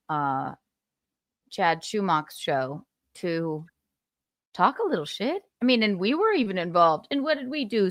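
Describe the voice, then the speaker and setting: The host of a casual livestream chat, laid-back and laughing, often trailing off mid-sentence. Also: male voice, high voice, fairly bright tone, dry recording.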